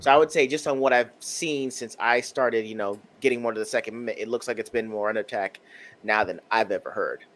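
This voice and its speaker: A man's voice: lowish voice, quick pace, fairly bright tone. A man in his thirties co-hosting a podcast over a video call, thinking aloud and hesitating as he makes his points. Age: 30s. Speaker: podcast co-host. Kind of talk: casual chat. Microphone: home mic on a video call.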